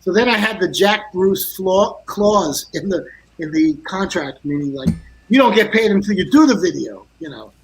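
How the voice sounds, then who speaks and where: An older man with a notably high speaking voice tells his stories with energy. He slips into other people's voices as he goes. It's a casual interview chat over a video call. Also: moderate pace, low-quality recording. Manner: animated anecdotes full of quoted voices. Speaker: guest guitarist.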